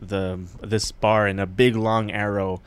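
A man's voice: fairly low pitch, little pitch movement, measured pace, clear, resonant tone. A man hosting a podcast, casually retelling a story with lots of fillers, restarts and asides. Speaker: podcast host. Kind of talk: casual chat.

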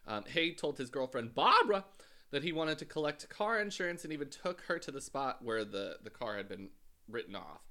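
A man casually telling a true-crime story as a podcast host, halting often with filler sounds. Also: medium pitch, big pitch swings, sharp tone.

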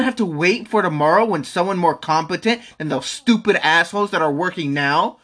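Young man, high voice, angry venting, repetitive, swearing, home recording. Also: expressive, fairly quick, hardly any pauses, sharp tone. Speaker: vlogger.

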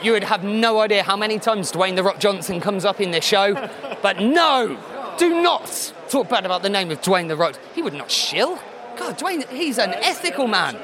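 High-voiced sarcastic quiz host, slightly hoarse. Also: male voice, moderate pace, crowd noise. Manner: deadpan sarcasm, teasing the audience. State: slightly hoarse, losing his voice. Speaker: quiz host of a live podcast show. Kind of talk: sarcastic comedic quiz hosting. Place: live show with an audience.

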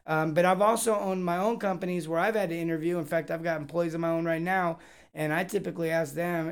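A man's voice: on the high side, steady tone, quick pace, smooth. A man hosting a live Q&A podcast, joking and rambling with lots of energy. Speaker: podcast host. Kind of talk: casual live Q&A chat.

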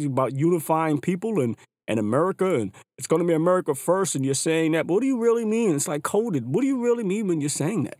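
A man hosting a podcast, talking casually and at length in an animated, slangy way, often repeating words. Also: on the high side, no echo, clean studio sound. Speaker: podcast host. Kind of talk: casual opinion monologue. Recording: hip hop music underneath. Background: hip hop music.

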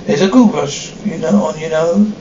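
An actor playing a giggling, wisecracking ghoulish horror host in a TV series. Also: male voice, fairly high pitch, normal speed, warm tone, far from the mic, a little hiss or hum, natural voice. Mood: gleeful. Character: cackling ghoulish male horror host, gleefully punning. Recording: dull roomy TV soundtrack.

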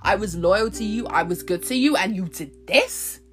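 A woman's voice: mid-range voice, normal speed, fairly bright tone, soft background music. A young woman reading her own breakup poetry and ranting about it in a profane, self-mocking confessional chat. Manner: profane, ranting, laughing at herself. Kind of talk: confessional casual monologue.

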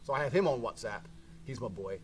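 A man's voice: mid-range voice, lively intonation, fairly quick. A man telling a story in a casual monologue, brash and swearing constantly.

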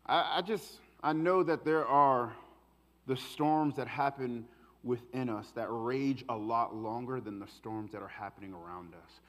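A man preaching a conversational sermon, swinging between hushed asides and emphatic lines. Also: mid-range voice, unhurried. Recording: long hall reverb.

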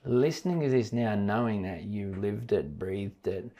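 A man's voice: lowish voice, measured pace, mellow. A man, a coach hosting a podcast interview, talking loosely and repeating himself as he goes. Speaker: podcast host, sports coach. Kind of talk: casual interview chat.

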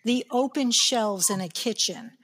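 A woman's voice: a little high, unhurried, fairly bright tone. A woman from New York leading a casual chat about kitchen design. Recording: long reverb in the room.

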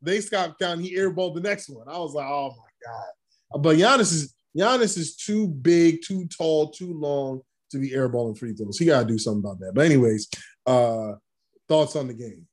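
A man co-hosting a casual sports podcast, telling animated stories and acting out what people said. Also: a little high, fairly quick. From Brooklyn. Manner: animated storytelling, acting out quotes. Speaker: podcast co-host.

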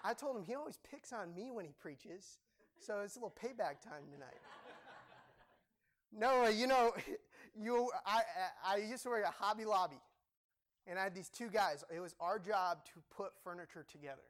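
A young male preacher delivers his sermon with a noticeably high voice. He keeps things lively, slipping in jokes before pressing his points with emphasis. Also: moderate pace. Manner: animated, joking, emphatic.

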